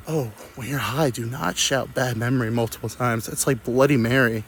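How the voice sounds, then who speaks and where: A young man rambles through a crude comic story, mocking himself as he drifts from tangent to tangent. His voice sits at an ordinary middle pitch. A faint background noise runs under the recording. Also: steady tone, normal speed, few pauses. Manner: crude, self-mocking, digressive. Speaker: podcast host.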